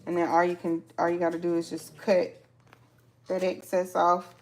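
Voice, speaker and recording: A woman speaking at normal speed in a fairly low voice leads a laid-back live sewing tutorial. As she cuts vinyl pieces she chats with her audience about features, frequently exclaiming with excitement.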